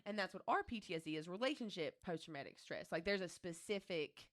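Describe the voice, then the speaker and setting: A young woman co-hosting a podcast in casual chat, earnest and halting, often restarting her sentences. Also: lowish voice, lively intonation. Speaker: podcast co-host.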